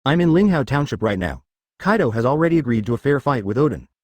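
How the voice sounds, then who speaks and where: A man's voice: medium pitch, sing-song, quick pace, dry recording. A man voicing a hot-tempered young male pirate who curses and talks cocky, in a fan fiction reading. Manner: cocky and cursing.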